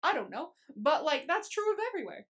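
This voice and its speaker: A young woman co-hosting a podcast, chatting casually and swearing freely as she recaps a series. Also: high-pitched. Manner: swears a lot, quick and animated. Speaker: podcast co-host.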